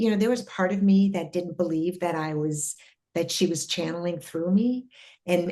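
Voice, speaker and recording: A woman's voice: lowish voice, warm tone. A middle-aged woman telling her spiritual experiences as an interview guest, earnest and full of fillers and restarts. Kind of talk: casual interview storytelling.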